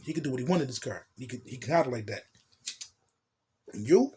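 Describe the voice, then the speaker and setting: A young man from New Jersey casually telling a profane, animated storytime tale in street slang, acting out what people said. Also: medium pitch, a little fast, slight background noise.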